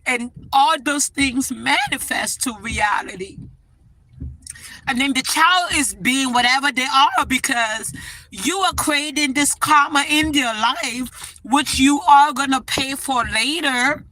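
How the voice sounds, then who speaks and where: A woman's high, bright voice comes through forcefully despite poor audio. An adult parent, she hosts a casual spiritual livestream, speaking emotionally, sometimes tearfully, with many "right?" asides.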